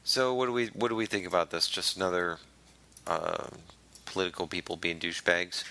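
A man's voice: sits low, a little fast, creaky, pushed and bright. A man hosting a podcast, leading the discussion in a jokey, casual way. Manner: leads discussion, jokey, laughs often.

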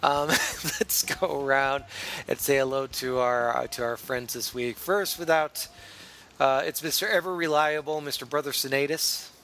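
A man's voice: mid-range voice, fairly even intonation, moderate pace, fairly bright tone, a little hiss or hum. A man hosting a casual comedy podcast, joking and self-mocking, with a put-on radio-announcer delivery. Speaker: podcast host.

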